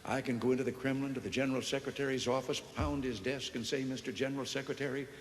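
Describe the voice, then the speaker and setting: A man putting on a deadpan Russian joker. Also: medium pitch, quick pace, in a large hall, a little hiss or hum, voice pushed up, lightly acted. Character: boastful Russian man in a joke.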